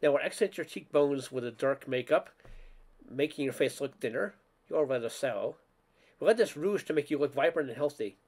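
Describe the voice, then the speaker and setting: A man's voice: mid-range voice, animated, a little fast, darkish tone, lightly acted. A man voicing a polished, pushy female cosmetics saleswoman with condescending sales patter, reading a story aloud.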